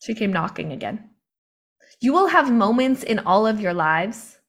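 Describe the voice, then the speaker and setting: A woman's voice: medium pitch, sing-song, measured pace. A young woman in live online training mode, impassioned and confiding, talking into a video call mic and laughing often between points. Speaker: motivational coach.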